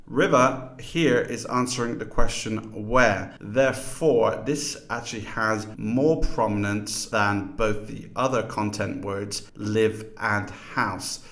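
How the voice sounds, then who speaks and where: A man's voice: lowish voice, a little slow, hardly any pauses, fairly bright tone. A man teaching a lesson in scripted narration, explaining terms and demonstrating pronunciations aloud.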